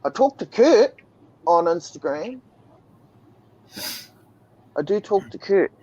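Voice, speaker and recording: A man's voice: sits high, expressive, slow, darkish tone. Laid-back swearing man, lo-fi audio. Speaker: host. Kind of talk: casual chat. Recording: dull lo-fi audio.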